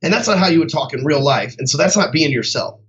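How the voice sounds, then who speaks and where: A man's voice: on the high side, lively intonation, fast talker, a bit bright, highs cut off. A man who coaches sales, giving a casual motivational talk in a blunt, heavily profane way.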